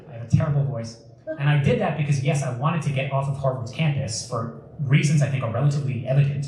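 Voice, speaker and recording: A man's voice: mid-range voice, fast, warm tone. A young man giving a casual, joking storytelling talk to an audience, with plenty of fillers, speaking at a community event. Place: community center hall. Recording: echoey room, mic far off, faint noise.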